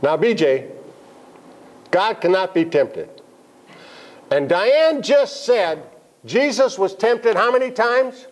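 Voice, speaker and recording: A man's voice: sits high, big pitch swings, slow pace, pauses often. A man leading a Bible study class, asking the group questions and making joking asides. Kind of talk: interactive Bible lesson.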